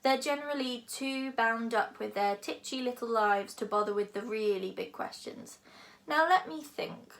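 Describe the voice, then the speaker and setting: A woman's voice: fairly high pitch, normal speed, a bit bright. A woman voicing a huge cheerful male dragon, philosophical and menacing, with a genial, pompous manner. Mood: musing.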